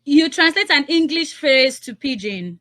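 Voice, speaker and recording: Bubbly high-voiced Nigerian radio hostess. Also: female voice, lively intonation, bright, forceful tone. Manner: bubbly, laughs often, teasing callers; repeats phone numbers slowly and clearly. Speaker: radio call-in host. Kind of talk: live radio call-in game.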